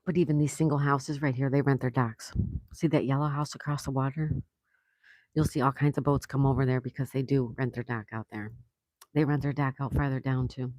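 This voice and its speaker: A woman's voice: a bass voice, steady tone, brisk, darkish tone, no echo. A woman hosting a livestream, chatting casually and greeting viewers by name as she reads their comments aloud. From Florida. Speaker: livestream host.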